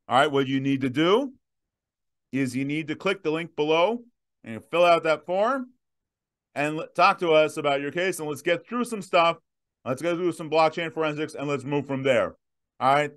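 A man in his thirties hosting a viewer Q&A, emphatic and direct, slowing down to stress his points. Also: fairly high pitch, a bit bright. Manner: emphatic, punchy repetitions, slows down to stress points. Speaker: host answering viewer questions. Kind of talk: direct-to-camera Q&A.

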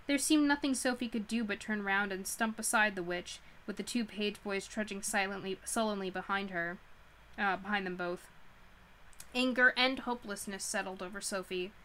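A woman's voice: medium pitch, normal speed, sharp tone. A woman hosting a book club livestream, reading a novel aloud and often stumbling and correcting herself.

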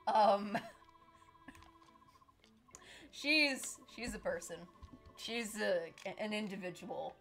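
Giggly young woman chatting on a game stream, slow talker, faint music under her. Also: mid-range voice, lively intonation. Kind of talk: casual game stream chat.

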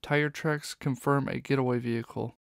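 A man's voice: medium pitch, steady tone, normal speed, vocal fry, no echo, studio quality, close to an everyday voice. A man doing a fierce fox police inspector. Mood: clipped. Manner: stern, snapping retorts.

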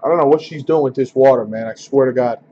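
A man's voice: medium pitch, quick pace, muffled recording, background noise. A man hosting a casual card-opening break, grumbling and joking with his viewers.

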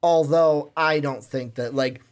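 A man co-hosting a podcast in a relaxed chat. He speculates in long, run-on stretches. He keeps the talk moving with easy fillers. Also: fairly high pitch, measured pace. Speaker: podcast co-host. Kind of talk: casual chat.

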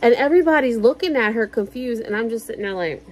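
A woman's voice: a little high, quick pace, a little hiss or hum, low-quality recording. A woman in her thirties telling a long story in a casual vlog, rambling and swearing, with lots of fillers. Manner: rambling, profane, animated storytelling with many fillers. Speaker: vlogger.

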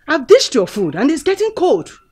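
A woman's voice: high voice, huge pitch swings, moderate pace, darkish tone. A middle-aged woman with a Nigerian accent playing a caring mother who coaxes and soothes her son. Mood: soothing. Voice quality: soothing, coaxing. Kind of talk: film drama acting.

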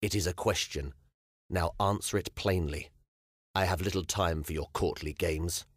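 A man's voice: low-pitched, normal speed, no echo, clean studio sound. A male audiobook narrator voicing a weary, frustrated medieval king who speaks impatiently. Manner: irritable, scowling, impatient. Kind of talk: audiobook character voice.

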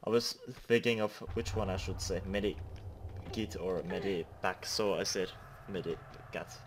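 Slow-talking man narrating his gameplay. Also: deep voice, a little hiss or hum. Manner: chatty, laughs at his own slips. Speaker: let's play host. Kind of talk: gameplay commentary.

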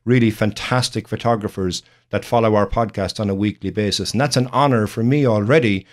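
A man's voice: on the low side, fairly quick. Irish man, podcast guest, earnest, rambling casual talk. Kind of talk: casual chat.

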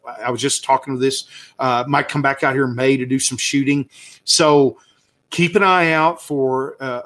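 A man's voice: mid-range voice, a bit bright. A man with a Southern US accent gives a casual slide talk as a birding guide, enthusiastic and rambling, with many fillers and restarts. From Southern United States.

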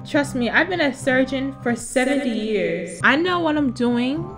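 A young woman with a slightly high voice talks her way through a role-play game as a nurse character. She is sassy and teasing, and her chatter is quick and casual. Game music plays clearly in the background. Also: lively intonation, a bit bright. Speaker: gaming YouTuber playing a nurse character. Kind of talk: Roblox role-play commentary.

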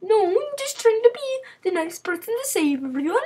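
Young woman, gamer, over-the-top playful commentary, high bright pitch. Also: very animated, moderate pace. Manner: silly, dramatic, exclaiming.

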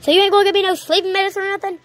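A woman voicing a loud, dramatic pregnant female animal in an amateur cartoon, whiny and indignant, often shrieking. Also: extremely high pitch, level tone, very fast. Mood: pleading.

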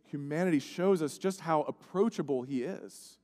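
Man preaching, fairly high voice, long church reverb, loud then hushed delivery. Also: animated, moderate pace, hardly any pauses. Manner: preaching with wide swings from loud emphasis to hushed near-whisper. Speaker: pastor. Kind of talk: sermon. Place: church sanctuary.

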